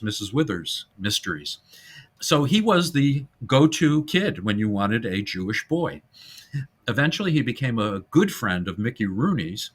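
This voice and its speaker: A man hosting a casual film-history podcast, animated and jokey, now and then breaking into silly voices. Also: lowish voice. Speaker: podcast host.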